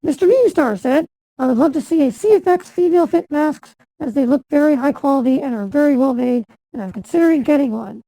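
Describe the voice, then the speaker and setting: A woman hosting a casual chat show, talking in an easygoing, chatty way. Her voice is high with a lot of gravelly fry and a mellow, dark tone. The recording is dry and close. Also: lively intonation, a little fast, no echo, poor audio. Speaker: host.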